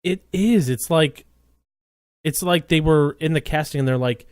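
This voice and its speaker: A man's voice: on the high side, a little slow, darkish tone, no room sound, studio quality. A man co-hosting a movie podcast in casual chat, giving blunt, opinionated takes. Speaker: podcast co-host.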